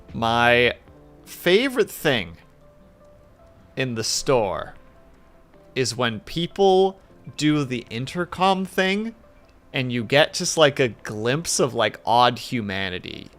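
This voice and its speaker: Animated, cussing streamer guy. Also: mid-range voice, extremely slow, pauses often, soft background music. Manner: animated, swearing storyteller. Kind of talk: casual stream chat.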